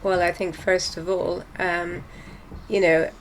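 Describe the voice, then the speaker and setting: A woman's voice: lowish voice, flat delivery, takes it slowly, slight background noise. A woman psychotherapist speaking as a podcast guest in a reflective way, often repeating words as she thinks. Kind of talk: casual chat.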